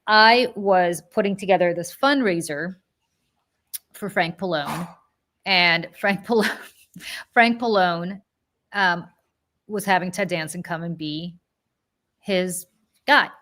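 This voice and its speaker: A woman in her forties co-hosting a podcast, telling a story in a lively, casual way with many fillers and self-corrections. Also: lowish voice, slow pace, pauses often. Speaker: podcast co-host.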